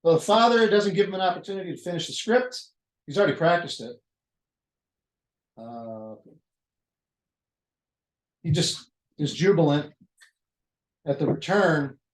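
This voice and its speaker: A man's voice: fairly high pitch, unhurried, long pauses. Man teaching a Bible study, echoey room. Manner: conversational, thinking aloud with restarts.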